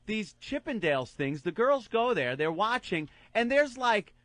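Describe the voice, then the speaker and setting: Man, radio co-host, bawdy storyteller, animated swooping pitch, dry studio sound. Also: measured pace, no room sound. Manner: animated storytelling with mocking voices. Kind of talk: crude comedic radio banter.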